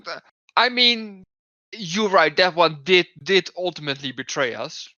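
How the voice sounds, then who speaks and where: A man's voice: sits high, expressive, measured pace, bright, forceful tone, dry recording. A man, needling and stubborn as he plays his character in a tabletop game. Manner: wry, needling, stubborn banter. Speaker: player. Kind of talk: in-character tabletop role-play. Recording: dull lo-fi dry home mic.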